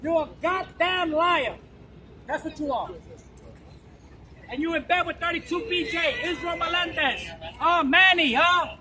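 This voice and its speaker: High-voiced guy yelling accusations at a street rally, crowd and traffic noise all around. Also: a little slow, long pauses, low-quality recording. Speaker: street advocate. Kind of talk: heated street confrontation. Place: city street rally outdoors.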